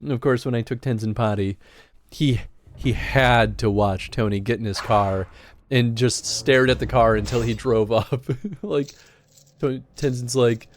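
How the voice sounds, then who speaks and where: A man's voice: medium pitch, unhurried, slight background noise. A man hosting a livestream, chatting casually in a rambling way while playing a game. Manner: rambling, with restarts and laughter. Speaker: livestream host.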